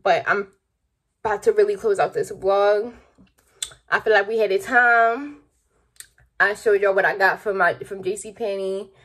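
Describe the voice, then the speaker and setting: Young adult woman, husky tone, loose chatty vlogger talking straight to her viewers. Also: medium pitch, steady tone, normal speed, long pauses, fairly bright tone. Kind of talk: casual vlog chat to camera. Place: at home, then in a car.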